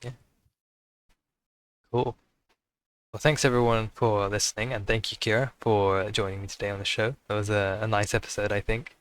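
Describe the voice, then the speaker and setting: Very deep voiced guy hosting a podcast, laid back, lots of ums. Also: normal speed, long pauses, smooth. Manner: relaxed, hesitant with many fillers. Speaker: podcast host. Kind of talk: casual chat.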